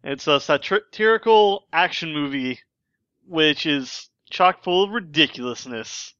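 Man, raised pitch, podcast host, dry, lo-fi. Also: lively intonation, measured pace, pushed and bright, clear, resonant tone, dry recording. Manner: laughs often, leads the discussion. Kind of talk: casual chat.

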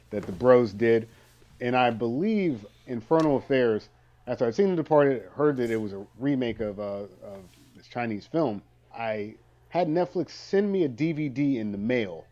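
A man's voice: mid-range voice, a little mellow, dull audio. A man co-hosting a movie podcast, telling stories casually with a joking tone and frequent laughs. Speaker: co-host of a movie comparison show.

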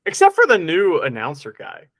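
A man's voice: on the high side, wildly swooping pitch, fairly quick, a bit bright, dry recording. A man co-hosting a casual podcast chat, jokey and laughing often, full of ums and uhs. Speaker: podcast co-host.

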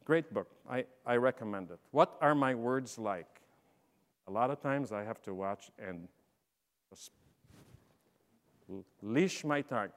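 Middle-aged man giving a storytelling talk. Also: medium pitch. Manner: storytelling, swings from quiet to loud emphatic bursts. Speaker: speaker. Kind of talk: motivational leadership talk. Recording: long hall reverb.

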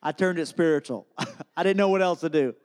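A man's voice: fairly high pitch, brisk. A man preaching a sermon, telling a funny family story as a lead-in to his message. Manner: humorous, animated storyteller. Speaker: pastor.

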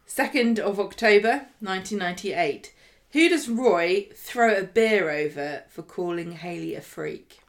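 A woman's voice: medium pitch, animated, measured pace. British woman, podcast co-host and quizmaster, dry teasing delivery. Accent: British English. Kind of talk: casual chat, reading quiz questions.

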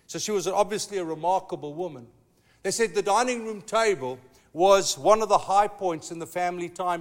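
A pastor preaching a sermon, telling a story with emphatic, slow dramatic pauses. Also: male voice, high-pitched.

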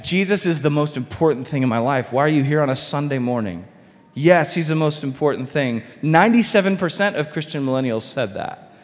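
A man's voice: on the high side, long reverb tail. A man preaching a sermon as pastor, casual and conversational, full of fillers and asides. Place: church sanctuary.

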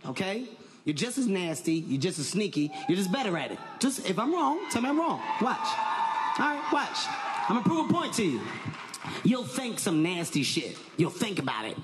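Man, stand-up comedian, high voice, very animated, shouts punchlines, live club mic. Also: a little hiss or hum.

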